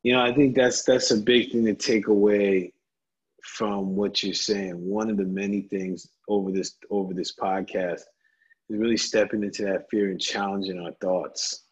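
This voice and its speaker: Male podcast host, laid-back and affirming, husky voice, muffled lo-fi audio. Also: lowish voice, steady tone, normal speed. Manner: affirming, calls guest "man" and "dude". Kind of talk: casual interview chat. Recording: dull lo-fi audio.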